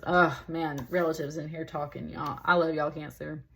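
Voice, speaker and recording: A woman with a low-pitched voice talks through a tarot reading in a loose, rambling way. She sounds emotional and slightly tearful, and she keeps dropping in "like" and "y'all" as she goes. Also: level tone, normal speed, creaky, fairly bright tone, slight background noise. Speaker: tarot reader. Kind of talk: casual spoken tarot reading.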